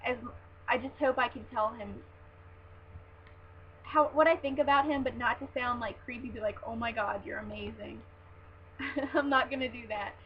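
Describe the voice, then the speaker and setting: A young woman with a high voice gushes about a book like an excited fan, tripping over her words and filling them with "like." The sound is dull and lo-fi, with a faint hiss underneath, like a home webcam recording. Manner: gushing, excitable fan talk with many "like"s and restarts. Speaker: vlogger reviewing a book. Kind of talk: casual book review vlog.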